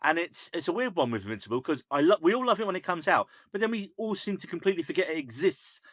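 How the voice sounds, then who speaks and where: Man co-hosting a podcast, slightly high voice, animated and mocking, swears, dry mic. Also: quick pace, no room sound. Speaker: podcast co-host. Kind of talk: casual chat.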